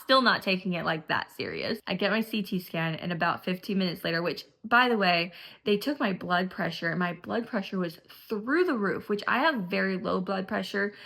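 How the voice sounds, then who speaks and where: Animated young woman vlogger telling a story. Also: on the low side, fairly quick, vocal fry. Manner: animated storytelling, acts out voices. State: in shock after diagnosis. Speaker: family vlogger. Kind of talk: storytime vlog.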